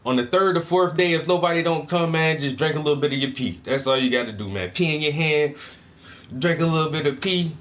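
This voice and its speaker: A man's voice: fairly high pitch, fairly quick, a bit bright. A man hosting a reaction video, talking in blunt, profane, mocking casual commentary.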